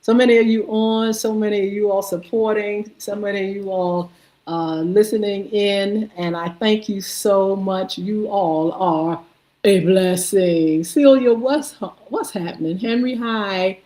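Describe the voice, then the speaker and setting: A woman hosting a live morning stream, slowly reading out and greeting viewers by name, sounding out names as she goes. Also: medium pitch, mellow, rough recording. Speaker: host. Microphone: streaming setup.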